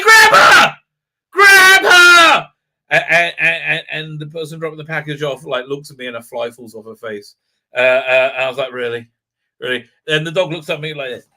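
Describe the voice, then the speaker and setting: Middle-aged male livestream host, rambling storyteller, bright ringing tone. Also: on the high side. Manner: animated storytelling, many fillers and repeats. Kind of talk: rambling live-stream chat.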